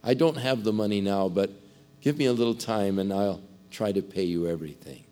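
A desperate servant who pleads for mercy in a low, hurried voice, as a preacher puts him on. The words tumble out fast and soft as he begs for time. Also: long reverb tail, lightly acted. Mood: pleading.

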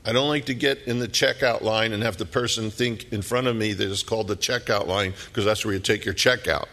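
A middle-aged man preaching a sermon, telling the story dramatically and dropping at times to hushed whispers. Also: on the low side, fairly even intonation, brisk, vocal fry, in a large hall.

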